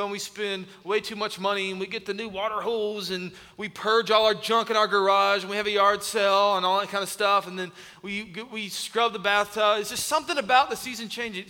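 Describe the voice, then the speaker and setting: A man in his thirties, an executive pastor, preaching a sermon with humorous stories, animated and acting out voices. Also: high-pitched. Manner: animated storytelling, acts out voices and shouts. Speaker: executive pastor of student ministry. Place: large church hall. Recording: long hall reverb.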